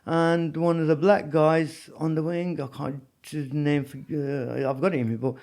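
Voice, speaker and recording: A man's voice: on the high side, flat delivery, measured pace, a little mellow. A man telling prison stories in a casual interview, rambling with lots of "you know what I mean". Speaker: podcast guest.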